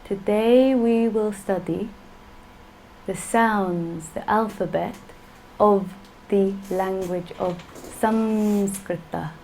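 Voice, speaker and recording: A woman's voice: mid-range voice, drawn-out words, warm tone, a little hiss or hum, poor audio. A woman teaching a class, patient and playful, often laughing. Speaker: Sanskrit teacher. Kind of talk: classroom lesson.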